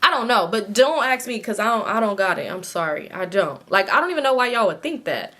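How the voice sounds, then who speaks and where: A young woman with a hoarse throat telling a storytime to her viewers in casual, slangy, animated chat. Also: mid-range voice, a little fast. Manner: animated, slangy, quotes people in voices. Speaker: storytime vlogger.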